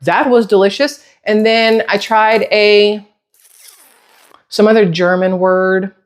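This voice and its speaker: A woman's voice: medium pitch, fairly even intonation, slow, clear, resonant tone. A middle-aged woman vlogging casually from her home kitchen, rambling off on tangents and swearing lightly. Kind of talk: casual chatty vlog.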